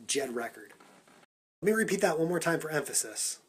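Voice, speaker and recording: Energetic husky-voiced male vlogger. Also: on the high side, fairly quick. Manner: energetic, punchy countdown delivery. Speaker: social media vlogger. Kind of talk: upbeat Snapchat vlog talk.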